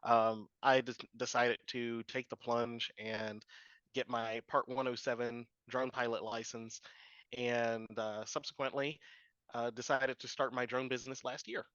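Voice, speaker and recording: Interview guest, man in his 30s, chatty and rambling, sharp-toned voice on a muffled, dry recording. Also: medium pitch, little pitch movement, unhurried, dry recording. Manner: rambling, frequent fillers and laughs. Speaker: guest, drone business owner. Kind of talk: casual interview storytelling.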